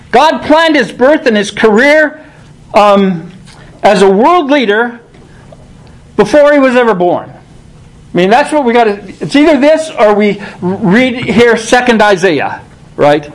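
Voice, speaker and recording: A man preaching a sermon, reading scripture aloud and rising in pitch on the quoted lines, thinking aloud with restarts. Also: animated, a little slow, rough recording. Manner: rises in pitch when quoting scripture.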